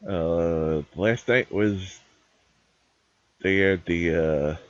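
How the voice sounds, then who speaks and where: A man's voice: deep voice, very slow, no echo. A man streaming live, chatting casually and rambling through opinions while he games. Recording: dull lo-fi dry stream mic.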